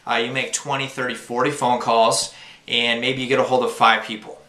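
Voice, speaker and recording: A man's voice: medium pitch, little pitch movement, normal speed, bright, forceful tone, echoey room. A young man giving casual, upbeat tips to new sales reps, with lots of fillers. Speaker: sales trainer. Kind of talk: instructional talk to new reps.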